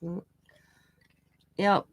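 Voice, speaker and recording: A woman hosting a craft channel, casually telling a rambling family story full of asides and lively retold dialogue. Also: drawn-out words, no echo. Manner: rambling, chatty, full of "you know" asides; animated when retelling quoted dialogue.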